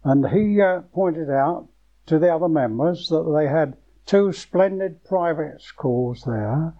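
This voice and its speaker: An older man from Croydon, speaking in a fairly high voice, recalls his schooldays in a halting manner, often stopping to restart a phrase. The recording sounds dull and lo-fi. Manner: halting, with many restarts and fillers. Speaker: former pupil. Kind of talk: oral history reminiscence.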